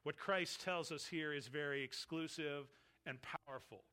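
A man preaching a sermon, reading scripture and then expounding it slowly with emphatic, falling phrase ends. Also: a little high, pushed and bright, clean tone. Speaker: pastor.

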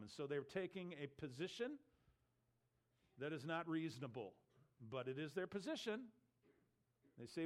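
A man's voice: on the high side, big pitch swings, normal speed, pauses often. A man giving verse-by-verse Bible teaching, emphatic and asking his listeners rhetorical questions.

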